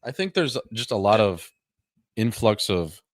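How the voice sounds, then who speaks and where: A man's voice: on the low side, very animated, a little slow, no echo. A young man co-hosting a podcast, chatting casually and rambling with lots of fillers. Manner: rambling, profane, joking. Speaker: podcast co-host. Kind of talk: casual chat.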